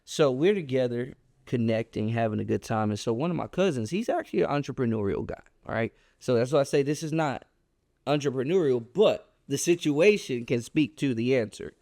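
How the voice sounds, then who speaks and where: A man telling a personal story on a podcast, animated and emphatic in a casual, colloquial way. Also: brisk, dry recording, studio quality. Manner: animated, emphatic storyteller with a wide pitch swing; casual and colloquial, reflective when making his point.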